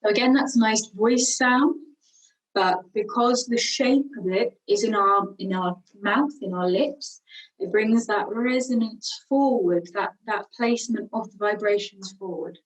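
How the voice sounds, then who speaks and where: A woman teaching singing, calmly guiding a vocal warm-up with slow, encouraging cues. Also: mid-range voice, far from the mic, low-quality recording. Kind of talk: guided vocal warm-up lesson.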